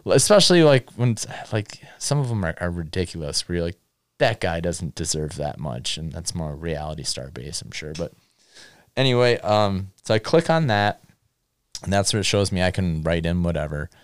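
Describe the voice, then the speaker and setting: A man's voice: sits low, sing-song, normal speed, clean tone, dry recording, clean studio sound. A man hosting a podcast, casually telling a long, rambling story with lots of fillers and swearing. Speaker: podcast host. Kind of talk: casual chat.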